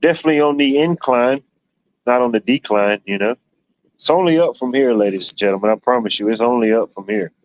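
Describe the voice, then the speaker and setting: A man's voice: mid-range voice, brisk, dry recording, highs cut off. Male livestream host, casual and rambling, jokey; dry close-miked voice. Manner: rambling, joking, lots of "you know". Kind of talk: casual chat.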